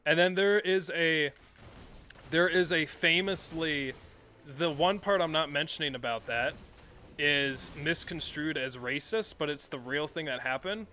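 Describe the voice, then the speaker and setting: Bright-toned guy streaming a game, rambly and sweary, faint hiss behind him. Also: a little high, a little slow. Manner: rambling, self-correcting, swears often. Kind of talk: casual live-stream commentary while playing.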